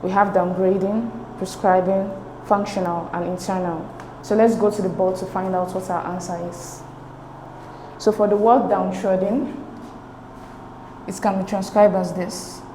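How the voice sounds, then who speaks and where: A woman's voice: mid-range voice, little pitch movement, measured pace, mellow. A woman working through English exam questions as a tutor, explaining them step by step with a patient manner and checking in with "okay?". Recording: echoey room with faint noise.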